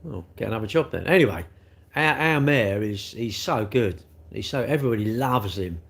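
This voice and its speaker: A man's voice: lowish voice, lively intonation, moderate pace, creaky, fairly bright tone. Middle-aged man chatting on stream. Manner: jokey, teasing banter with chat. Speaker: live streamer reading viewer comments. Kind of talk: casual live-stream chat.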